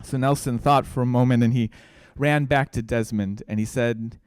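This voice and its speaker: Male guest preacher, storytelling sermon, smooth dry voice. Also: medium pitch, steady tone, normal speed, darkish tone, no room sound. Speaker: guest speaker.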